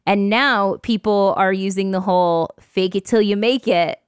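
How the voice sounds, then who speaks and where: A woman hosting a casual chat podcast, bubbly and quick to laugh as she reads out social media posts. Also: mid-range voice, smooth, no room sound, clean studio sound. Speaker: podcast host.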